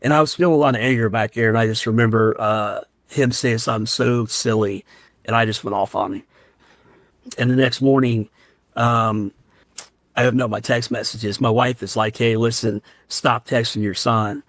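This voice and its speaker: Appearing as a guest on a podcast, a Central Ohio man who works as a firefighter and paramedic shares candid stories, earnest and sincere, getting emotional along the way. He talks at normal speed at a middle pitch with fairly even intonation, recorded dry and close with no room sound.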